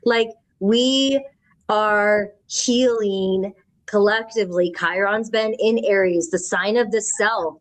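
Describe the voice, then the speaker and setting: A woman's voice: medium pitch, steady tone, takes it slowly, low-quality recording. Woman, mid-range voice, earnest, reflective, searching for words, casual spiritual chat, host. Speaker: podcast host.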